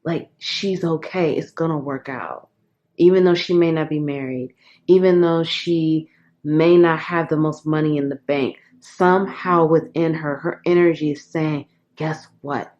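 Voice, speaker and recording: A woman giving a channeled tarot reading in an earnest, emotional way, often dropping to soft whispers. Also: low voice, steady tone, a little slow, muffled recording. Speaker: tarot reader.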